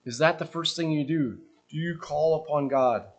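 A man preaching a sermon, earnest and questioning, letting his voice drop softly at the ends of phrases. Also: fairly high pitch, moderate pace.

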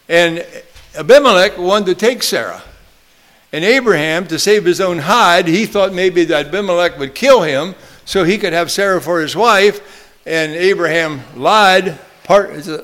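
High-voiced preacher drawing out phrases. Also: male voice, fairly bright tone. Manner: drawn-out emphatic phrases, leads call-and-response; quotes scripture in old-fashioned phrasing. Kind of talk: sermon.

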